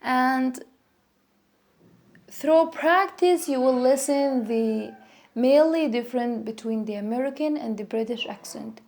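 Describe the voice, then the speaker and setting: Woman, native Arabic speaker, English pronunciation lesson, very slow, mellow tone, repeats example words. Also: sits high. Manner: slow, repetitive, demonstrating sounds. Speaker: English teacher.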